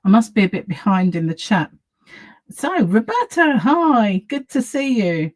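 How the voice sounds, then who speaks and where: A woman's voice: medium pitch, big pitch swings, measured pace, poor audio. A woman chatting casually on her live stream from home, greeting viewers by name and rambling about her day.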